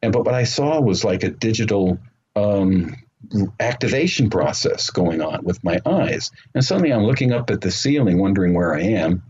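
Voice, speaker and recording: A man telling his story as an interview guest, earnest and unhurried, with frequent ums and uhs. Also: lowish voice, expressive, darkish tone, breathy edge. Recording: muffled remote call audio with faint noise.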